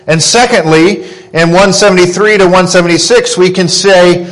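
A man in his thirties preaching a sermon, earnest and deliberate, rising in pitch when he quotes scripture. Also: steady tone, a bit bright, poor audio. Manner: slow, earnest preaching with emphatic rises on quotes. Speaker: pastor.

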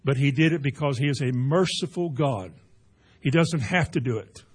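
A man preaching a folksy sermon, rising to loud emphatic peaks. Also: medium pitch, normal speed, husky. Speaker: pastor.

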